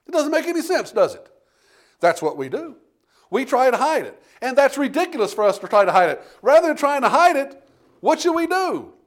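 A man preaching a sermon in a folksy storytelling way, calling out for amens and swinging between loud emphasis and hushed tones. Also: extremely high pitch. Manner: folksy storytelling, calls out "Amen?".

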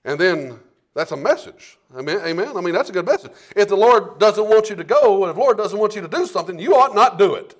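A man preaching a sermon in a folksy, animated storytelling way, often asking the congregation "Amen?". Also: sits high, fast talker.

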